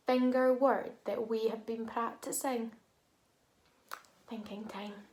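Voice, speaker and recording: A woman teacher leading a phonics lesson for young children, sounding out words slowly and clearly. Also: fairly high pitch, darkish tone, roomy sound. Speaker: primary school teacher.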